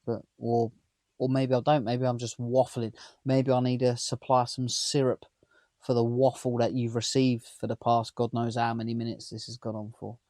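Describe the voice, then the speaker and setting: A man's voice: medium pitch, monotone, moderate pace, dark tone, dry recording. Chatty thirty-something London-area man. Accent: southern English, London area. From England. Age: 30s. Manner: rambling, chatty, asks viewers questions. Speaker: vlogger. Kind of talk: casual chat to camera. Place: inside a parked camper van.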